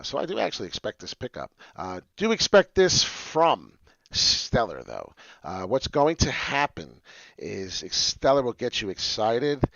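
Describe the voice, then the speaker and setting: A man hosting a casual crypto livestream, loud and rambling, swinging from muttering asides to shouting with passion. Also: fairly low pitch, vocal fry, no room sound, muffled recording. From New York. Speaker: crypto trading streamer.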